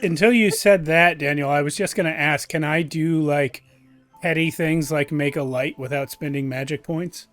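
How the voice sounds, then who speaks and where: Man, tabletop player, casual, slightly high voice, faint music. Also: fairly even intonation, moderate pace, fairly bright tone.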